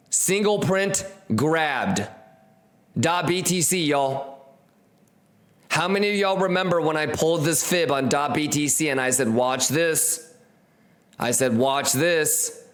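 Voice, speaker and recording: A man's voice: on the high side, fairly bright tone. A man hosting a live trading stream, hyped and slangy, repeating catchphrases and talking straight to his viewers.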